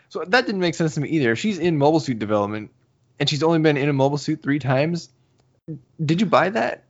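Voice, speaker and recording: Animated man recapping a story. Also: on the high side, fast talker. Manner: animated storytelling, acts out characters' lines. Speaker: podcast co-host. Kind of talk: casual chat recapping a manga. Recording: slightly dull lo-fi audio.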